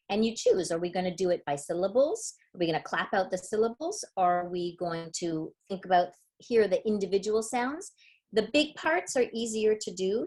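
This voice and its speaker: Middle-aged woman running a reading webinar for parents, upbeat, shows games step by step, medium pitch. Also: darkish tone. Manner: upbeat, demonstrative, explains step by step. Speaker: literacy educator. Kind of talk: webinar teaching.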